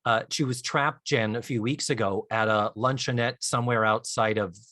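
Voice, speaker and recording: A man co-hosting a podcast in casual chat, animated and storytelling, acting out scenes as he goes. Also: mid-range voice, normal speed, dry recording, studio quality. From Florida, US. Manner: animated storyteller, acts out lines and hums tunes. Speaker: podcast co-host.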